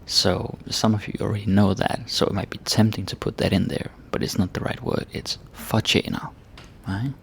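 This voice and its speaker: A man teaching a casual grammar lesson, relaxed and checking in with "right?" and "eh?" as he explains. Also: on the low side, normal speed, gravelly, a little hiss or hum. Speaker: language teacher.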